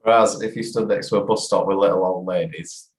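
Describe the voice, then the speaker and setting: A man's voice: deep voice, steady tone, fairly quick. A man hosting a casual podcast, laughing easily and posing questions. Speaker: podcast host. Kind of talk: casual chat. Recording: echoey room.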